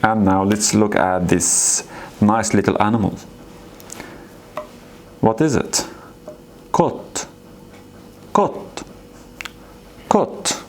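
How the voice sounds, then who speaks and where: A man whose first language is Arabic teaches beginners, speaking slowly and patiently. His voice sits a little low, and he repeats each word encouragingly. A faint hiss of noise runs under the recording. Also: fairly even intonation. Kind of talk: slow beginner language lesson.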